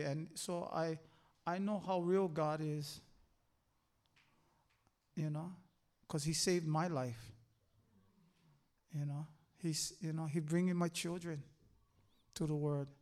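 An older man giving a personal faith testimony, halting and earnest, with many fillers. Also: a little high, darkish tone. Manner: halting, earnest, full of "you know" fillers.

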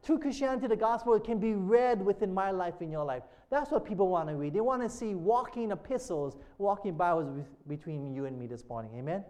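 A man with a notably high voice preaches a sermon. He keeps checking in with his listeners in a call-and-response way. He slows and lifts his delivery when he reads a passage aloud. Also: animated, dark tone. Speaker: pastor.

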